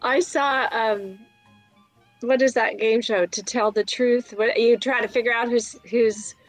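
A woman's voice: on the high side, fairly even intonation, soft background music, rough recording. Chatty woman co-host with a raised voice. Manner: chatty, quick reactions. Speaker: morning show co-host. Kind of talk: casual chat.

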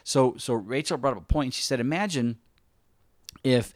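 Guy chatting about faith, animated storyteller, dry close sound, mid voice. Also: mid-range voice, normal speed, long pauses, no room sound. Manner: animated storytelling, acts out quoted speech. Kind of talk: casual faith discussion.

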